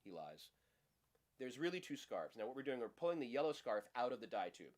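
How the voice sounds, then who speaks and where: A middle-aged man explains a magic trick in a relaxed, hands-on lesson. His voice sits at a middle pitch but moves through a very lively range. He keeps a playful tone as he talks the viewer through each move. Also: fairly quick. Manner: lively, playful, acts out audience lines in high voices. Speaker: magic teacher. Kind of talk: casual demonstration lesson.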